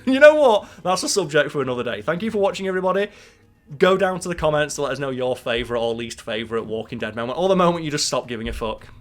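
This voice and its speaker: A man co-hosting a podcast, chatting casually with animated, swear-flecked storytelling. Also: fairly high pitch, fast. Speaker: podcast co-host. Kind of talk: casual chat.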